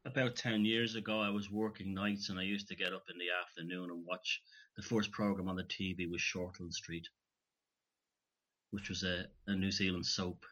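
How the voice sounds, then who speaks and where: A low-voiced man with a husky tone speaks in a casual conversation. His sound is dull and muffled, and he talks earnestly, often breaking off and starting his sentences again. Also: steady tone, normal speed, pushed and bright. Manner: earnest and searching, trailing off into restarts. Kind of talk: casual chat.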